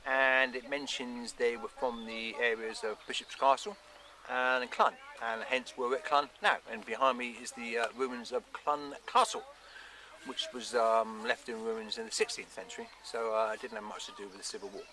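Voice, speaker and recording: Man, bright voice, chatty, fillers, outdoors, light background noise. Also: mid-range voice, moderate pace. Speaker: history vlogger. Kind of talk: casual outdoor history vlog. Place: outdoors at a castle site.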